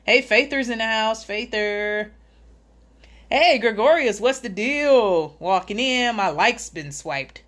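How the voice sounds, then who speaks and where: Her pitch sits fairly high and her tone is fairly bright; she's animated yet takes her time. As host of a laid-back livestream, she reads comments from chat, welcomes people by name, and jokes sarcastically with plenty of laughter.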